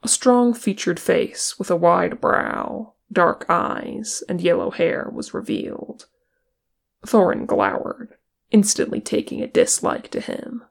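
An audiobook reader narrating fan fiction in a steady, even storytelling manner. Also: mid-range voice, takes it slowly, creaky. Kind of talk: reading fan fiction aloud.

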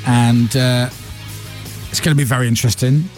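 A man hosting a morning radio show, chatting in a lively, animated way. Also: medium pitch, normal speed, faint music behind. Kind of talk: casual radio chat.

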